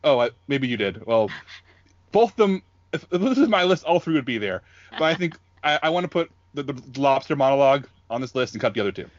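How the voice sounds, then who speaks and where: A man hosting a podcast in casual chat, eager and quick when pitching his picks, on dull lo-fi audio. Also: sing-song, dry recording. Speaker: podcast host.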